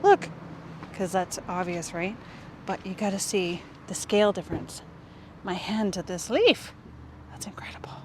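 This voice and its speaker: A woman vlogging as she walks through a public garden, gushing over the plants and often dropping to a hush, recorded on a handheld camera mic. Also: mid-range voice, lively intonation, measured pace, slight background noise. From Canada. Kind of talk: casual walk-and-talk vlog.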